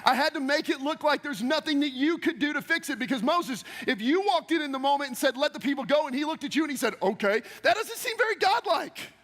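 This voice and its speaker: A male pastor preaches with a strikingly high voice that pushes hard and fast. He keeps turning to the congregation with direct questions. His words ring out with a long reverb through a large church sanctuary. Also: expressive, fairly bright tone. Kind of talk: sermon.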